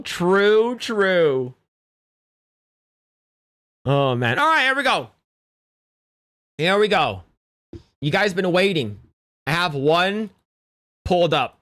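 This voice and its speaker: Heard in a dry recording, a man with a high, sharp voice hosts a podcast livestream. He talks casually and bluntly, wandering from point to point and now and then laughing at his own jokes.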